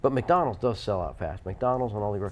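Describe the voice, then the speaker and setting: A playful man hosts local TV, mixing banter with sponsor reads. His pitch swings widely, and a faint hiss sits under his voice. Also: animated, brisk. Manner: playful, teasing. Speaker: host. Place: TV studio.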